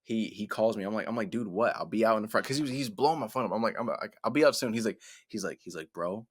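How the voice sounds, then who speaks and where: A young man in his twenties, co-hosting a podcast and telling a story in casual chat, animated, laughing and repeating "I was like". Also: fairly low pitch, fast, breathy edge. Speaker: podcast co-host.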